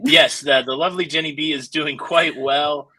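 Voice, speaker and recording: Bright-voiced man joking on a dry call. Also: fairly high pitch, moderate pace, no echo, low-quality recording. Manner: joking, deadpan asides, many fillers. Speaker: cruise YouTuber guest. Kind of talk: casual live stream chat.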